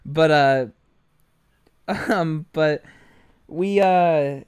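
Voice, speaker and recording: A man's voice: fairly high pitch, drawn-out words, darkish tone, smooth. A young man co-hosting a casual podcast, laughing often and rambling with lots of fillers. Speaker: podcast co-host. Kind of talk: casual chat.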